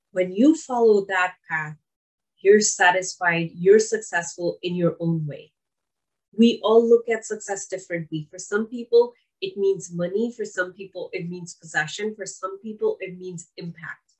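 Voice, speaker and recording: A woman's voice: medium pitch, rough recording. A woman giving an earnest, coaching motivational talk, speaking straight to the listener as a friend.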